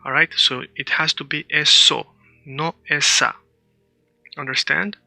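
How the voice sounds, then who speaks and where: Male language teacher, casual lesson, very bright tone, dry close recording, explains and repeats words. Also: on the high side, steady tone, a little slow, vocal fry, dry recording. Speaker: Spanish teacher.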